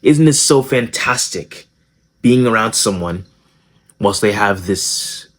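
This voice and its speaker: A young man with a husky, slightly low voice talks through a social skills lesson as a casual story. He jokes, swears freely and leans on slang. He often stops to correct himself mid-sentence. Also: lively intonation, slow. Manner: slangy, profane, joking, restarts and self-corrections. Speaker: social skills video host.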